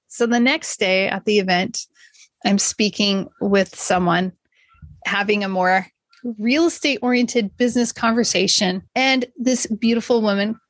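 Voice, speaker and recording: A woman's voice: a little high, no echo. Upbeat woman telling a motivational story. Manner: earnest and upbeat, laughs often while telling a story. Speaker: podcast host.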